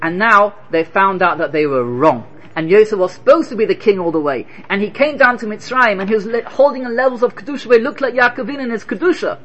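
A man giving an animated Torah lecture, firing rhetorical questions and telling stories. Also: high-pitched, quick pace, hardly any pauses, dull audio. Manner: animated, rhetorical questions, Hebrew terms woven in. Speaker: Torah teacher.

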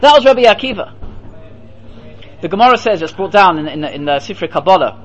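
A man teaching a Talmud lesson, mixing quoted Hebrew and Aramaic passages with English explanation in a storytelling manner that grows animated at emotional points. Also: high-pitched, brisk, muffled recording. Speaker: Torah teacher.

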